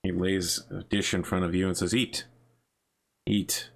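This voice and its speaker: A man narrating a tabletop game as game master in a relaxed way, with many fillers. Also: deep voice, fairly quick, gravelly.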